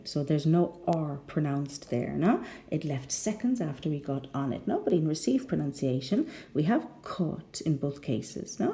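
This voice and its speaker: A woman teaching an English pronunciation lesson, repeating words slowly and checking in with "no?". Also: sits low, dark tone.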